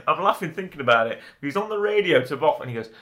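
A man co-hosting a casual film chat, retelling scenes in a halting, chatty way and acting out quoted lines. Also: a little high, animated, fairly bright tone. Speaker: podcast co-host.

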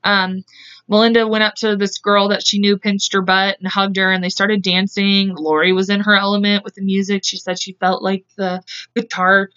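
A woman's voice: medium pitch, little pitch movement, normal speed, fairly bright tone, smooth. A woman hosting a podcast, telling a true-crime story in casual chat and acting out the quotes in voices. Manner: acts out quotes with voices, laughs often. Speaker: podcast host. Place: home. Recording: dull lo-fi podcast mic.

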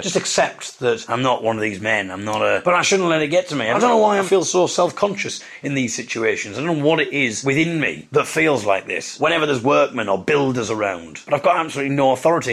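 A man's voice: mid-range voice, fairly bright tone, breathy edge. A man hosting a comic podcast, telling a rambling, self-mocking story. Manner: self-deprecating, rambling storytelling with put-on voices. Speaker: podcast host. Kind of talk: comic monologue.

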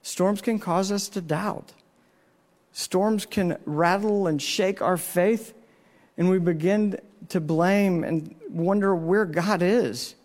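Male pastor, sermon delivery, earnest storyteller, pitched a bit high. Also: slow pace, a little mellow.

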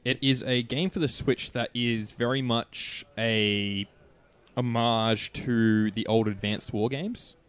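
A man's voice: mid-range voice, steady tone, slow, a bit bright, clean tone. A man co-hosting a gaming podcast, chatting casually in loose, rambling sentences full of fillers. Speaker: podcast co-host. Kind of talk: casual chat.

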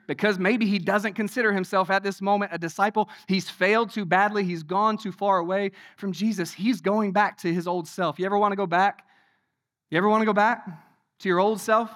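A man preaching a sermon in a conversational way, asking many rhetorical questions and moving between loud emphasis and hushed passages. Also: high-pitched. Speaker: pastor.

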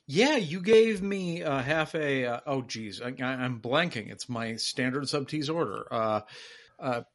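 A man's voice: mid-range voice, animated, measured pace. A man in his forties in casual chat with old friends, talking hesitantly with many false starts. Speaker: podcast co-host.

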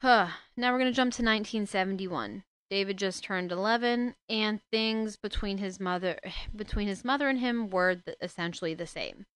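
Woman host retelling a book casually, worked-up asides, smooth voice, dry close sound. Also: mid-range voice, normal speed, hardly any pauses, a bit bright, no room sound. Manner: indignant, emotional asides.

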